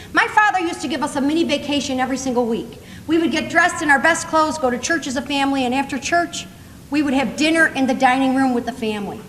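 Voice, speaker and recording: A middle-aged woman speaking at a conference, telling funny stories in a chatty, animated way and laughing often. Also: high voice, a little hiss or hum. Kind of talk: humorous storytelling talk to a live audience. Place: large conference hall. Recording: reverberant hall with faint ambience.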